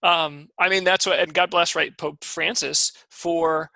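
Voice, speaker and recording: A man's voice: fairly high pitch, fairly even intonation, measured pace, creaky, pushed and bright, dry recording, rough recording. A man co-hosting a podcast, talking about faith in an earnest, eager way and often restarting his sentences. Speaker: podcast co-host. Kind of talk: casual faith discussion.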